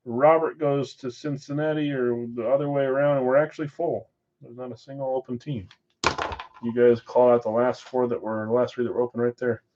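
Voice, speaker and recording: A man hosting a live-stream card break, briskly calling out names and assignments with chatty asides in between. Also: medium pitch, level tone, mellow, lo-fi sound. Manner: brisk name-and-team roll call with chatty asides. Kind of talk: casual live-stream roll call.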